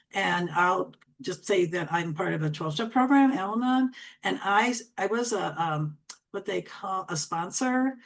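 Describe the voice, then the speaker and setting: A woman's voice: lowish voice, a little hiss or hum. Chatty Upper Midwest woman in her sixties. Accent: Upper Midwest American. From Wisconsin. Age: 60s. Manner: chatty, fast-talking and folksy. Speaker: LinkedIn coach. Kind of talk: online training presentation.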